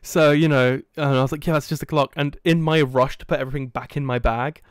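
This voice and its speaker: A young man from England hosting a podcast, telling a story in a casual, animated way and acting out the quoted dialogue. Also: on the high side, fast, clean tone, dry recording, studio quality. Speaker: podcast host.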